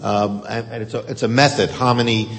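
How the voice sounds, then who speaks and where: A radio talk show host leading a live audience discussion, rambling and thoughtful with many restarts. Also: male voice, steady tone, a little fast. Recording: reverberant hall with faint rumble.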